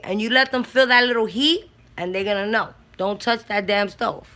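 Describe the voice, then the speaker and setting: A woman from the Bronx, a mother and aunt talking bluntly about parenting, profane and animated. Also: mid-range voice, moderate pace. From the Bronx, New York. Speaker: mother and aunt sharing opinions. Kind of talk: casual talk.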